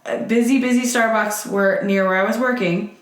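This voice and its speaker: A woman's voice: a little high, fairly even intonation, moderate pace. A young woman co-hosting a podcast, telling profane, joking stories in casual chat. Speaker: podcast co-host. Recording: echoey room.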